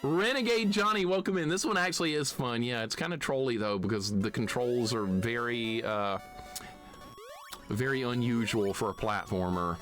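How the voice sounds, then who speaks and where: A man's voice: medium pitch, moderate pace, fairly bright tone, soft background music. A man from Alabama giving live commentary on a retro game, swearing at it and chuckling often. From Alabama, USA. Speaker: streamer.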